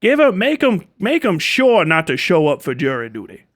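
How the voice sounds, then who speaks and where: A man voicing a scheming older man who talks with a put-on accent, low and drawn out. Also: wildly swooping pitch, normal speed.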